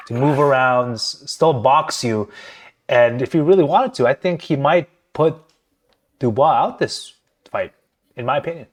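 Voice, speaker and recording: A man hosting a boxing podcast in a chatty, easygoing way, often stumbling and repeating words. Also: medium pitch. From Philippines. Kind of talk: casual chat.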